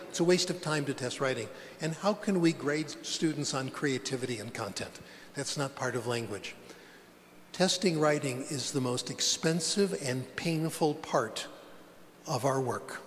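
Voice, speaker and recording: An older man giving a conference lecture to language teachers, plain and conversational with pointed asides. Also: fairly high pitch. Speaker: conference plenary speaker. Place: large conference hall. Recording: long hall reverb, faint background noise.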